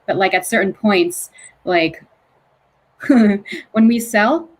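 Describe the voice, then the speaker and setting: A woman from Florida joins the talk as a guest. She is bubbly and laughs often. Her voice is of middle pitch. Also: animated, slow. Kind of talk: casual chat.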